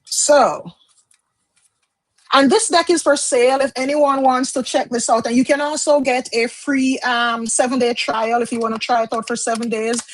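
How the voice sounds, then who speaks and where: A woman's voice: sits high, fairly even intonation, normal speed, slight background noise, low-quality recording. A woman from Jamaica giving a chatty live-streamed tarot reading, explaining as she goes and often repeating and restarting her phrases. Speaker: tarot card reader.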